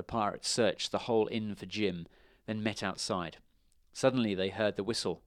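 A man reading a children's storybook aloud in a measured, expressive way. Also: lowish voice, no room sound, clean studio sound.

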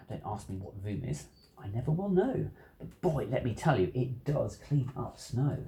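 A reader reading a rhyming children's book aloud in an animated singsong. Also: medium pitch, moderate pace, gravelly. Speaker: storybook reader.

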